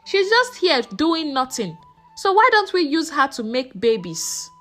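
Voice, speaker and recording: A woman voicing a scheming middle-aged wife, scolding her husband in rapid, shouting bursts. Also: high voice, very animated, soft background music, exaggerated voice. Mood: dismissive.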